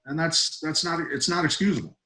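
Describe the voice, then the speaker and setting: A middle-aged man, a retired fighter, telling stories as a podcast guest in a blunt, emphatic, animated way. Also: on the high side, a little fast, poor audio. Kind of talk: casual podcast storytelling.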